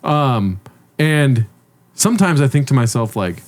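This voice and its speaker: A man's voice: mid-range voice, big pitch swings, measured pace, darkish tone. A man from California co-hosting a podcast in casual chat, laid-back and heavy on fillers like "you know.". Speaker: podcast co-host.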